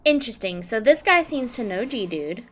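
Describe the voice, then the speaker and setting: A woman's voice: fairly high pitch, moderate pace, a crowd in the background. A woman casually narrating a life-sim game with playful, sarcastic jokes. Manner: gets loud and excited. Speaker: let's play creator.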